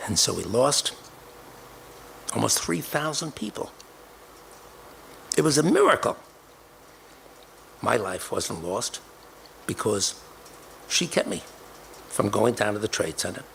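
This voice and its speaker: A man's voice: on the low side, sing-song, takes it slowly, vocal fry, long pauses, fairly bright tone, a little hiss or hum. An older man telling a personal story emphatically, acting out the dialogue he quotes.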